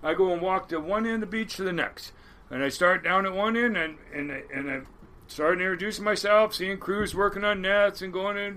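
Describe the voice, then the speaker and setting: A man's voice: high-pitched, a little fast, pushed and bright. A man in his sixties, a crab boat captain from the US Pacific Northwest, tells a rambling, salty story in a casual interview. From Washington State, US. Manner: rambling yarn-spinner, salty and blunt.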